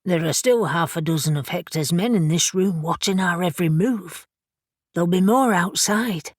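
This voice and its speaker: A woman voicing a blunt, decisive male shifter who gives orders briskly. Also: lowish voice, dry recording, clean studio sound, close to an everyday voice. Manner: brisk, commanding.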